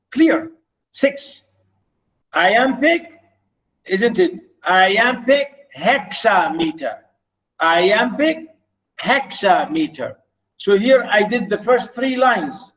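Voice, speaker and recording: A man's voice: sits high, animated, extremely slow, a bit bright, poor audio. A male teacher giving an online literature lesson, patiently repeating words and chanting stress patterns.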